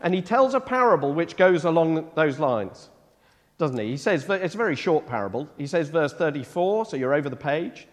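A man's voice: fairly high pitch, big pitch swings, normal speed. A man preaching a sermon in a church, explaining scripture in a conversational way and often asking the congregation questions. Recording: long reverb of a church hall.

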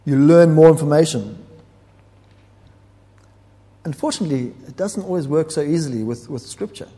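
A man's voice: on the high side, expressive, moderate pace, mellow. A man preaching a sermon in an earnest, explanatory way, often restarting his phrases. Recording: long hall reverb.

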